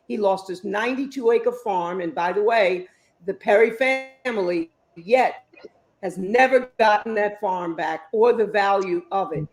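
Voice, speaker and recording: A woman in her fifties answers interview questions as a guest author. She talks in an expressive, emphatic storytelling way, and her voice sits in a middle pitch. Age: 50s.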